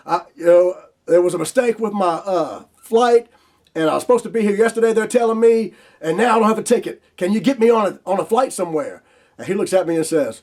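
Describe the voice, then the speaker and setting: Host, male, Southern drawl, high voice, lively storyteller who acts out the dialogue. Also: quick pace. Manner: animated, laughs often and acts out quoted dialogue. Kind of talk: casual spoken storytelling.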